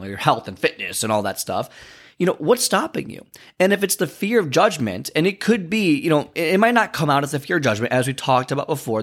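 A man hosting a fitness podcast, giving a casual motivational talk full of fillers and restarts. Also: mid-range voice. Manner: conversational, many fillers and restarts.

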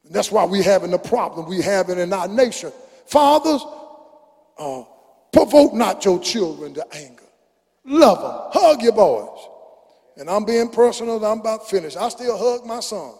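Older guy preaching slow, shouts and half-sings it, long church echo. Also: high voice, expressive. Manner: fervent preaching, rising into shouts and song-like chanting. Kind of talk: sermon. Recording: long reverb of a large hall.

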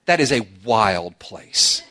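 A middle-aged man preaching a sermon to a church congregation, humorous and animated, acting out quoted voices. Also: on the low side, slow pace. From South Florida. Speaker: pastor.

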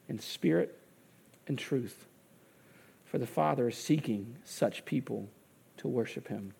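A man preaching a sermon with passion, swinging from loud bursts to hushed, quiet stretches. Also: fairly high pitch, gravelly. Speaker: pastor.

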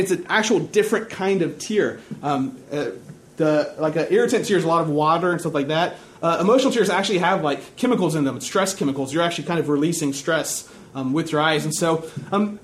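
High-voiced young man preaching casually. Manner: casual, chatty, checks in with "right?" and "okay?"; dry self-mocking humor. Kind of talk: conversational sermon.

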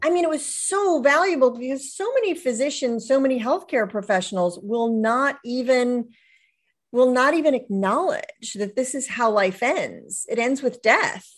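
Her voice high-pitched and lively at normal speed, a middle-aged widowed author speaks reflectively in a relaxed interview. She's warm, frequently restarts her sentences, and lets out soft laughs.

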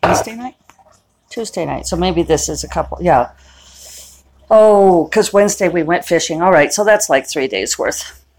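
A woman's voice: lowish voice, moderate pace, a little mellow. A middle-aged woman hosting a podcast, rambling casually and laughing at herself as she moves from her kitchen to outdoors. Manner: chatty, self-amused, laughs often. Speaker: podcast host. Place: home kitchen, then outdoors.

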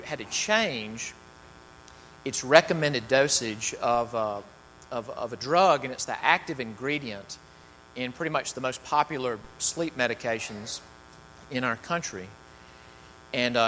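A faint mains hum and long hall reverb surround a pastor's medium-pitched, slightly bright voice. His sermon moves from scripture read with rising emphasis to prayer and casual talk sprinkled with fillers.

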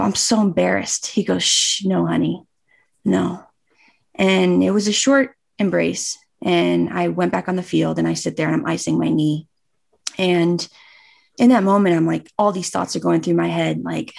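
A woman's voice: fairly low pitch, gravelly, darkish tone. A woman in her thirties, a guest, earnestly telling a personal story in casual conversation and acting out remembered dialogue.

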